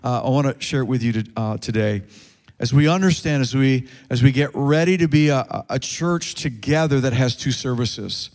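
A man preaching a sermon as pastor, earnest and emphatic, rising in pitch when he stresses a point. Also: moderate pace, darkish tone.

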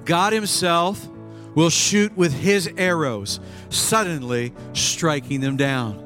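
Male pastor, lively sermon delivery, slightly high voice, faint music behind. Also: slow. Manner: animated, acts out scenes with shouts. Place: church with live and online congregation.

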